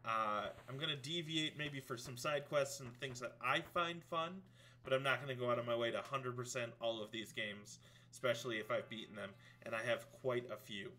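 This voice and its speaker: A man's voice: mid-range voice, fairly even intonation, normal speed, pushed and bright, slight background noise. A man streaming a retro video game, chatting casually and rambling through his ratings and plans. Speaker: let's play streamer. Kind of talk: game commentary.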